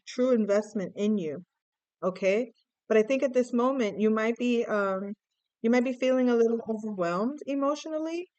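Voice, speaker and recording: A woman's voice: mid-range voice, darkish tone, smooth, no echo. A woman giving a casual tarot reading to camera, musing and emotive, thinking aloud and often restarting her sentences. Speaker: tarot reader.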